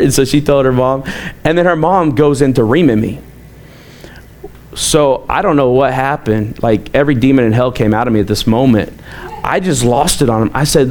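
A man's voice: fairly high pitch, expressive, moderate pace. A middle-aged man, a pastor, telling a self-mocking story and acting out the quoted lines with lots of energy. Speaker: youth pastor. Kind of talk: storytelling talk.

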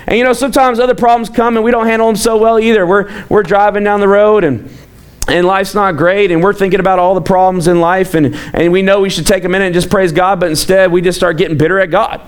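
A man in his thirties preaching a sermon as a pastor, telling personal stories in an animated way with frequent restarts. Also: high-pitched, quick pace, smooth. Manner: animated, storytelling, repeats words.

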